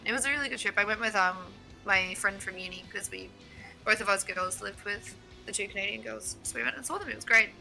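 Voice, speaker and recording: A woman in her twenties with an Australian accent co-casts a card game stream, chatting at length and rambling about her life while laughing often. Her mid-range voice is creaky and bright, with a forceful tone, in the manner of casual stream chat.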